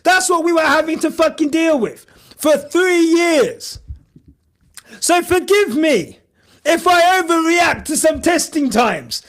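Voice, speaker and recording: A man hosting a podcast, giving excitable, shouty live reaction commentary and swearing a lot. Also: very high-pitched, slow pace. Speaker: podcast host.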